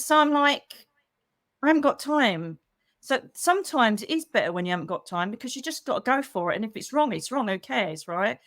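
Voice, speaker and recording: A woman's voice: medium pitch, no room sound, clean studio sound. A middle-aged woman, a psychic medium chatting casually on a livestream, calling her viewers darling. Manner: chatty and animated, with pet names like darling. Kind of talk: casual livestream chat with members.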